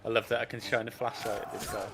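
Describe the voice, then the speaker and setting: A man's voice: medium pitch, little pitch movement, fast, over music. A man with a Birmingham accent, a game streamer bantering casually and reacting to the game as he plays. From England. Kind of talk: casual chat while playing a game.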